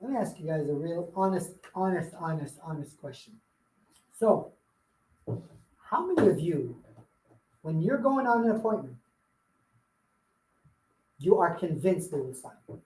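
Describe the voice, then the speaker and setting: A sales trainer runs a live workshop for an audience in a meeting room with lots of echo, and a little hiss or hum is audible. His rather high, dark-toned voice is very animated and unhurried, pausing often, while he emphatically and playfully repeats key points.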